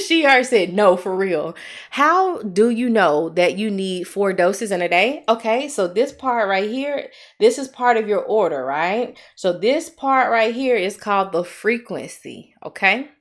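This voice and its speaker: A woman with an Alabama accent leads a live nursing tutoring stream. Her pitch sits in the middle for a woman. She is chatty and encouraging with viewers, then slows down to go through each step. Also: expressive. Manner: chatty, encouraging, reads viewer comments aloud; slow, deliberate when working steps.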